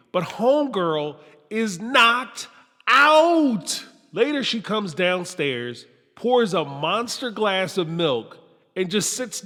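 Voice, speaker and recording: A man hosting a reality TV review, talking in an animated, sarcastic, slangy commentary style. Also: high voice, big-room sound. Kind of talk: commentary monologue.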